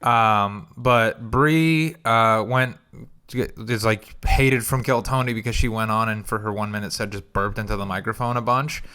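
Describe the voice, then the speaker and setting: A man's voice: fairly low pitch, fairly even intonation, moderate pace, bright, forceful tone, clear, resonant tone. A man hosting a comedy podcast, telling rambling stories in casual chat and acting out quoted voices. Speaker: podcast host.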